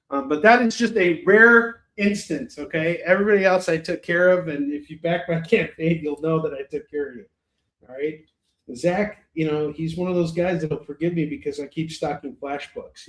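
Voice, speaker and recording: A man hosting a live shopping stream in a rambling, chatty, self-mocking way. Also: fairly high pitch. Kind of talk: casual chat. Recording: roomy echo.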